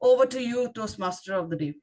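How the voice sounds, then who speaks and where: A woman's voice: fairly high pitch, lively intonation, brisk, darkish tone. A woman with an Indian English accent giving a short language lesson at a speaking club, spelling words out letter by letter and quizzing her listeners. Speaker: grammarian at a speaking club meeting. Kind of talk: instructive club talk.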